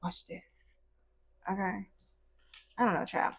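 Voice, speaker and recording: A woman's voice: mid-range voice, fairly even intonation, slow pace, vocal fry, husky. Woman tarot reader, casual and playful, chatty with slang and asides to spirit. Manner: acts out little quoted voices in between.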